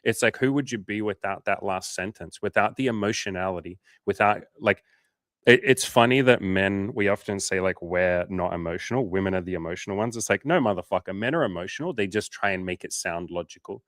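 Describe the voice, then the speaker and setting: A low-voiced man hosts a casual coaching livestream, reading viewer comments aloud and answering with frank, swear-heavy advice. The sound is dry and close, with no room echo. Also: a little fast, a bit bright. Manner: blunt, profane, frank advice. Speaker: dating coach hosting a livestream.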